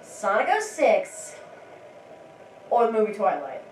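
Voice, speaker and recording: Her pitch sits in the middle but swoops wildly, and she talks slowly in a darkish tone, loosely chatting over her gameplay for a casual let's-play. Giggly and rambling, she keeps restarting sentences. The mic is distant, the sound roomy, and faint background hiss runs beneath.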